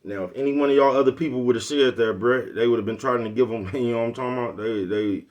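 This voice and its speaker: A man's voice: medium pitch, fast talker. A man vlogging on his own channel in a casual, rambling way. He sounds laid-back and boastful, chuckles between phrases, and keeps asking whether you know what he's talking about. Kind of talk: casual rambling vlog talk.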